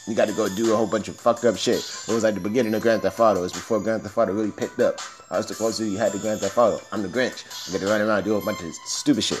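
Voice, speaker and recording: A young man from Miami hosting a podcast, telling stories in a loose, profane, slangy way with animated asides, recorded on a phone. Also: lowish voice. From Miami, Florida, US. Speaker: podcast host. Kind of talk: casual storytelling monologue.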